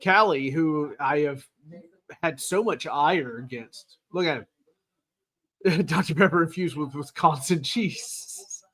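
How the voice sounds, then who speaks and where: A man hosting a casual live football chat, rambling and excitable, reading viewer comments aloud, his throat raw from cheering. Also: on the high side, takes it slowly. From Tennessee. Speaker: podcast host.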